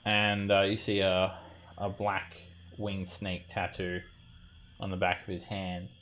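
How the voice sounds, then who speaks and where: A man narrating as game master of an online tabletop game, halting with many fillers and restarts. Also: deep voice, flat delivery, a bit bright, slight background noise.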